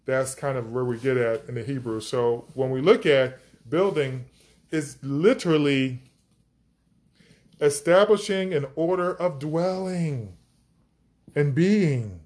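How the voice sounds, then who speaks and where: A man's voice: medium pitch, slow, a little mellow. A man teaching scripture on a podcast, enthusiastic, stretching out key words for emphasis. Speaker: preacher.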